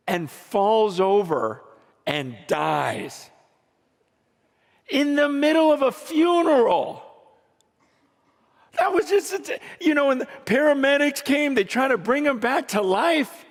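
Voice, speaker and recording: Slow, high-voiced preacher in a reverberant hall. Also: male voice, expressive. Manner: builds from hushed low lines to loud emphatic peaks. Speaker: pastor. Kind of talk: sermon storytelling.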